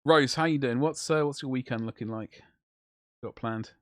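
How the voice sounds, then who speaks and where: A man's voice: mid-range voice, moderate pace, fairly bright tone, no room sound, clean studio sound. A man streaming live while he paints, rambling and joking in casual banter with his chat. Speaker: livestreamer.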